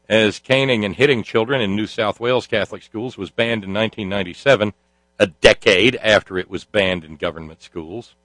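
A man's voice: on the low side, a bit bright, no room sound. A man hosting a talk show, delivering a sardonic monologue full of fillers and restarts. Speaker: host.

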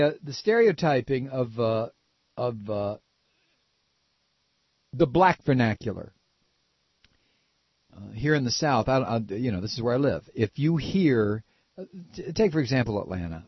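An older man from Ohio with a nasal voice, talking casually and halting with many repeated restarts. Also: mid-range voice, expressive, husky, no echo. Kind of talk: casual opinion talk. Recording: dull lo-fi recording.

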